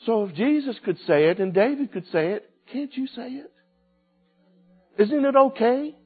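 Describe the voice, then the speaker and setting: A man preaching a sermon, swinging from loud cries to hushed, quiet lines. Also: very high-pitched, animated, moderate pace, breathy edge. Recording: tinny phone-like sound with faint music.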